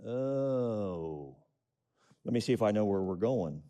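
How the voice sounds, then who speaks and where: A man's voice: on the low side, slow. Middle-aged guy preaching, voice jumps all over on the questions, lots of emphasis. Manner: animated, rising emphasis on questions. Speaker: pastor. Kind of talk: sermon.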